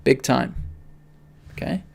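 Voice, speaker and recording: A man's voice: slow, darkish tone. A man hosting a live spiritual stream, talking emphatically and tagging his points with "okay?". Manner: emphatic, repeats "okay?" often. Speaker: spiritual reader and host.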